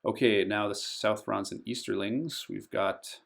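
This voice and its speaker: A man with a gravelly, somewhat low voice gives a pronunciation tutorial and speaks in an unhurried, measured way. He stretches out and stresses each name he teaches and pauses often with ums between them. He sounds like a hobbyist host talking into a desktop mic. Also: fairly even intonation. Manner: slow and careful, stretching out the names he teaches, with frequent ums. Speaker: board game channel host. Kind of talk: pronunciation tutorial over a map.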